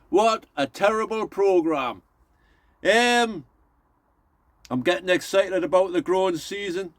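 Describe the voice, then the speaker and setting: A man's voice: high voice, takes it slowly, long pauses, dry recording. A middle-aged man, chatting casually and rambling to his viewers as an allotment vlogger. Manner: rambling, folksy, addresses viewers as folks.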